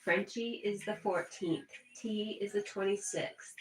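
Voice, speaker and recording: A woman hosts a casual livestream, reading viewer chat messages aloud and chatting back. Her medium-pitched voice is a little slow with fairly even intonation, heard in an echoey room with faint background music.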